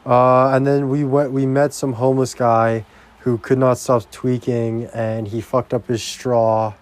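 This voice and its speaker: Slow, rambling, foul-mouthed young man. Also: mid-range voice, flat delivery. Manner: rambling, heavily profane, slow-paced. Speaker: vlogger. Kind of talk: casual profane rant.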